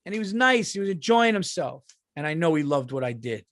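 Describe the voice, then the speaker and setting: A man's voice: a little high, sing-song, brisk, no echo. A middle-aged man, a comedian hosting his podcast, ranting in a casual, profane monologue and often repeating himself.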